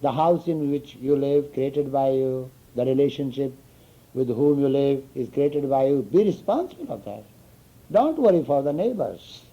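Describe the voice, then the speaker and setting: A male spiritual teacher talks to his students in a very deep, mellow and husky voice. He teaches through anecdotes and often checks that his listeners follow. The recording is dull and lo-fi. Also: expressive, normal speed. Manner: storytelling, chuckling, asks listeners "you understand?". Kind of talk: informal spiritual talk to students.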